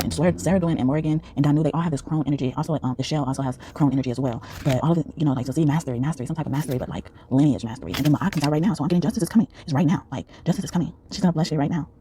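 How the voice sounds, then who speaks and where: A man's voice: on the high side, mellow, slight background noise. A man giving a casual, rambling tarot reading, full of fillers and restarts. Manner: rambling, many fillers and restarts, frequent laughs. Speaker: tarot reader.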